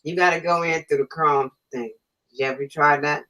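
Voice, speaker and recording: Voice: medium pitch, steady tone, moderate pace, bright, forceful tone, low-quality recording. A stream host chatting casually, easygoing, with brief replies. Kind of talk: casual chat.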